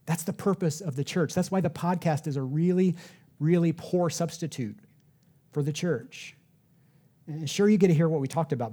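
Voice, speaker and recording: A man's voice: on the high side, mellow. A man preaching a sermon in a church sanctuary, telling stories and asking rhetorical questions in a conversational way. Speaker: pastor.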